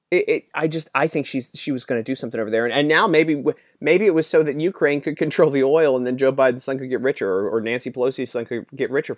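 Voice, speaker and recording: A man's voice: medium pitch, no echo, studio quality. A man delivering a rambling, sarcastic political opinion monologue, laughing often as he mocks. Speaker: political commentator.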